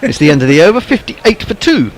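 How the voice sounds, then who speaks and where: A man's voice: high voice, sing-song, quick pace, a little hiss or hum. A man calling ball-by-ball cricket commentary in a wry, rambling way, full of ums and asides.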